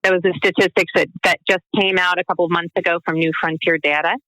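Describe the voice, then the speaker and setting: A woman's voice: fairly low pitch, level tone, fast, pushed and bright, no echo, rough recording. A woman, a guest on a podcast, answering questions in an earnest, persuasive way and leaning on statistics. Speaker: guest, founder of a women's business group. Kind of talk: interview answers.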